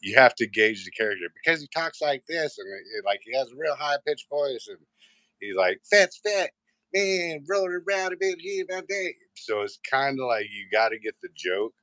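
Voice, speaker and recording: A man's voice: lowish voice, moderate pace, bright, forceful tone, dry recording. A man hosting a casual live show, rambling and swearing a lot, often stopping to restart his sentences. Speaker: host.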